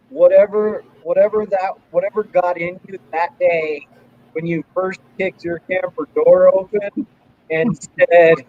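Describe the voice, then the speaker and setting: A man hosting a podcast, casual and enthusiastic, calling his guest brother. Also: sits high. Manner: enthusiastic, calls people brother. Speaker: podcast host. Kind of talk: casual chat. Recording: slightly dull sound with faint noise.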